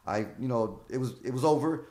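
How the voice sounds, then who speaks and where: Male comedian guest, rapid-fire storyteller, profane, acts out quoted voices. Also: medium pitch. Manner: animated, acts out quoted dialogue, swears freely. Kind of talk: casual storytelling.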